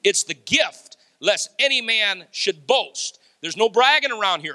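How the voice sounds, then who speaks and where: Male pastor, energetic sermon delivery, bright tone. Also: high voice, a little slow, hardly any pauses. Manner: animated preaching, laughs, acts out quotes.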